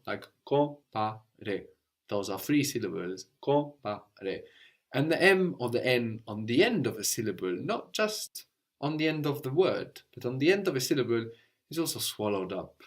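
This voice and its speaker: A man teaching a language lesson, explaining patiently step by step and often checking with a quick "no?". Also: mid-range voice.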